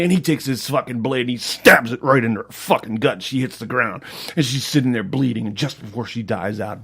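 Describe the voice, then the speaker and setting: A man's voice: medium pitch, slightly rough. A man co-hosting a comedy show, telling dirty jokes in a rambling, profane, laughing way. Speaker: co-host. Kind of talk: comedy podcast joke-telling.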